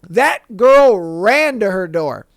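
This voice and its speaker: Guy with a high smooth voice telling a wild date story on his podcast, swears a lot, super dry close mic. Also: very animated, slow, no echo. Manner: profane, rambling anecdote with quoted dialogue. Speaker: podcast host. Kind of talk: casual storytelling.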